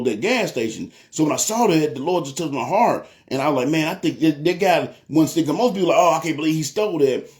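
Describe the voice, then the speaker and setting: A man's voice: on the high side, darkish tone. A young man, telling a testimony in a casual sermon and often asking "you know what I'm saying.". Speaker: preacher.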